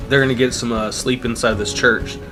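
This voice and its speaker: A man's voice: mid-range voice, fairly even intonation, brisk, music in the background. A man co-hosting a casual podcast chat, recapping scenes eagerly with plenty of fillers. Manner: enthusiastic, rambling retelling with fillers. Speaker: podcast co-host.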